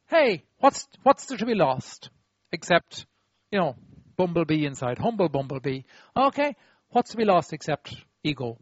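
A man with a high voice preaches with animated, demonstrative energy, acting out apologies and drawing the audience in. The sound is dry and a little dull. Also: moderate pace, no room sound. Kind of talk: sermon.

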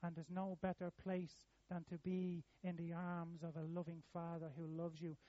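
A man preaching a sermon in an earnest way, rising in pitch and volume when he repeats a phrase. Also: monotone, moderate pace, warm tone, no echo, highs cut off.

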